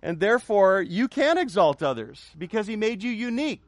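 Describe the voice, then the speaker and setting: A man's voice: sits high, sing-song, normal speed, dry recording, studio quality. A middle-aged male pastor preaching a sermon, with emphatic repetition, joking asides and call-and-response with his congregation.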